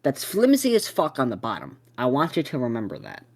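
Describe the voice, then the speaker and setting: A young adult podcast co-host tells a story in casual chat, speaking briskly in a mid-range voice. He swears constantly and rambles, with sudden excited bursts.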